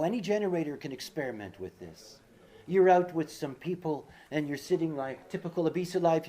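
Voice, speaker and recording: This man's voice sits on the high side with a darkish tone. He gives an informal talk full of personal stories, rambling along with plenty of fillers and asides and repeating key words for emphasis.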